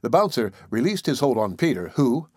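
Husky-voiced male audiobook narrator. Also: mid-range voice, a little fast, no echo, clean studio sound. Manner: expressive, varied reading.

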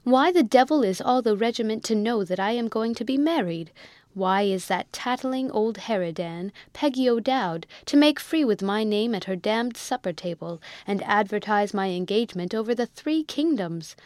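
Woman reading a hotheaded young army lieutenant, indignant, shouty, dry close audiobook sound. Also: mid-range voice, animated, normal speed, no room sound, natural voice. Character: hot-tempered young male army lieutenant.

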